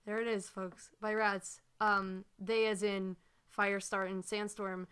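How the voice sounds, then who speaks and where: Frustrated woman ranting, bright voice. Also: medium pitch, little pitch movement, a little slow, clear, resonant tone. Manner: frustrated, sighing, lots of fillers. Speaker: fan analysis video maker. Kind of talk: ranting commentary.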